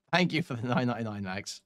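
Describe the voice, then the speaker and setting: A man's voice: medium pitch, lively intonation, fairly quick, a bit bright. A man commenting on clips during a stream, sarcastic and mocking, swearing often.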